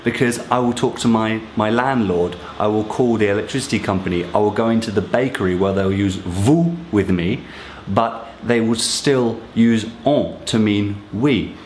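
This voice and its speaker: A man's voice: lowish voice, normal speed, darkish tone, a little hiss or hum. A man teaching everyday French phrases in a casual, explanatory way, speaking directly to viewers in a friendly, encouraging tone. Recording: echoey room.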